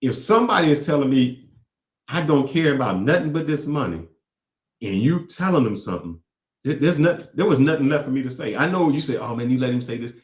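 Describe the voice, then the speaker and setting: A man hosting a talk show, with a mid-range voice that swings widely in pitch. He talks in an animated, preachy way and acts out the words of others. The sound is roomy and echoey. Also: fairly quick. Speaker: podcast host. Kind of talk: casual commentary reacting to clips.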